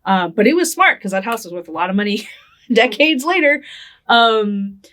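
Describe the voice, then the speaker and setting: A young adult woman from Northern California, recalling her childhood in a relaxed, conversational oral history interview, often checking in with "right?". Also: on the high side, normal speed. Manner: conversational, often tags with "right?", laughs lightly. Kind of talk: reflective personal storytelling.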